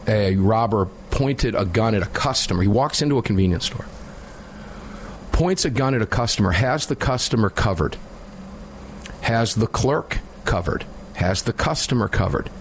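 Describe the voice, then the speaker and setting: Male talk radio host, low register, sarcastic, casual banter. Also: expressive, normal speed, a little hiss or hum. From United States. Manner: opinionated, sarcastic, laughs while mocking.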